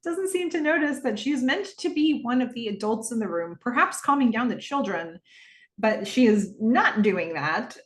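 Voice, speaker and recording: A woman's voice: a little high, animated, normal speed, echoey room. A woman hosting a TV rewatch podcast, recapping scenes and thinking aloud with frequent fillers. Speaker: podcast host.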